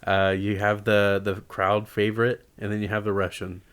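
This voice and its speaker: A man co-hosts a casual podcast in a low, smooth, resonant voice. He talks through each bout in an easygoing, measured way. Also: monotone, fairly bright tone. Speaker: podcast co-host. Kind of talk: casual chat about boxing.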